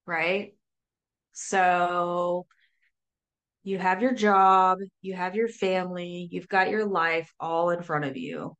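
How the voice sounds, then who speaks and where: A woman talking casually as a sober coach guest, lively, full of fillers and acted-out quotes. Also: fairly low pitch, slow, highs cut off. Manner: animated, says "like" often, acts out quotes. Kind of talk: casual interview talk.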